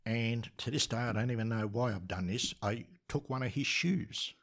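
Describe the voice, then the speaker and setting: A man's voice: mid-range voice, normal speed, fairly bright tone. An older Australian man, a podcast guest, telling a story with energy, laughing and restarting often. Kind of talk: animated storytelling.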